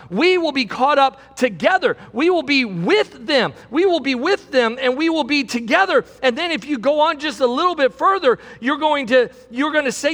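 A man's voice: very high-pitched, fairly bright tone, big-room sound. A man preaching a sermon as pastor, emphatic and repetitive, asking the congregation rhetorical questions.

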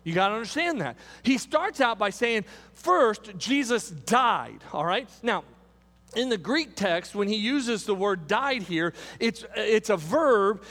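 A man's voice: sits high, expressive, unhurried, a bit bright, long reverb tail. A man preaching a sermon as a pastor, emphatic and repetitive, building his points with rising intensity.

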